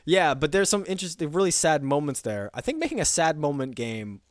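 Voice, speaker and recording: A man rattles through a casual podcast chat at high speed, his stories rambling and full of swearing. He sits close to a dry, dead-sounding mic. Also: big pitch swings, fairly quick, dry recording. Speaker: podcast co-host.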